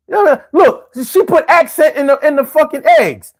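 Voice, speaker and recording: A man's voice: very high-pitched, animated, moderate pace. Guy in his 40s ranting on a stream, swears a lot, keeps restarting, voice jumps all over the place. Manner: emphatic, profane, many restarts. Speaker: live stream host. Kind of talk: casual chat.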